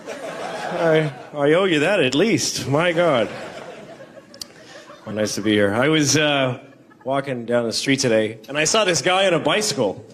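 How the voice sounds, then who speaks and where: A man doing rambling, self-deprecating stand-up in a large concert hall, acting out bits in high shouted voices. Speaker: stand-up comedian. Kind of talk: stand-up comedy. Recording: live concert recording with crowd noise. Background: audience laughter.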